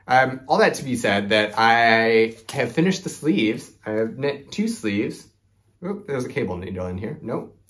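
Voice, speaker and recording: A man's voice: medium pitch, very animated, unhurried, a bit bright. A young man hosting a knitting video, chatting casually to camera with lots of "like" and "um". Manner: chatty, rambling, frequent "like" and "um". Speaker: knitting podcast host.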